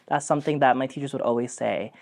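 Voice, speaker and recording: A young man, an actor, telling his own story in a casual, animated way, acting out what people said, with many fillers. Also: medium pitch, fast talker, creaky. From Philippines. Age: young adult.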